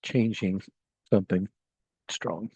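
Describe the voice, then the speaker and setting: A man's voice: fairly low pitch, fairly even intonation, slow pace, vocal fry, mellow, slightly rough, muffled recording. A man playing in an online tabletop game, hesitant with a dry sense of humour. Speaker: player. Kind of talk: casual tabletop chat.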